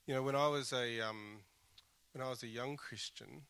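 A man's voice: mid-range voice, fairly even intonation, moderate pace, vocal fry, fairly bright tone, clear, resonant tone. A man preaching a sermon in an earnest, conversational way, often restarting his phrases and slipping in wry self-deprecating asides. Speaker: pastor.

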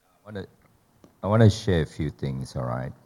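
A man leading a church group gathering, relaxed and directing others. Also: very deep voice, normal speed. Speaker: group leader.

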